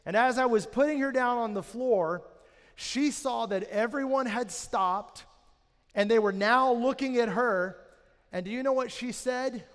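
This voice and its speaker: High-voiced pastor in a big hall. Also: male voice, measured pace, fairly bright tone. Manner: storytelling, self-mocking humor. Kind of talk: sermon. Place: church auditorium. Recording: reverberant hall.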